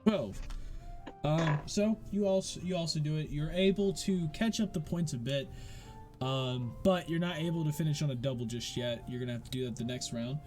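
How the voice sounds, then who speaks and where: A man's voice: fairly high pitch, normal speed, darkish tone, faint music behind. A man narrating a tabletop game as game master in a casual, rambling way with many fillers.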